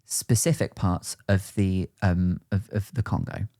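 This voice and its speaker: A man's voice: sits low, steady tone, unhurried, warm tone. A man hosting a comedy podcast, chatting in a playful, teasing way and laughing often. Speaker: podcast host. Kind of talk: casual comedy chat.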